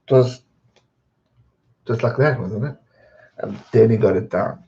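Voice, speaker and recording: A man's voice: mid-range voice, sing-song, a little slow, creaky, long pauses, dark tone, dull audio. A man hosting a live stream, chatting casually and greeting viewers by name as he reads their comments.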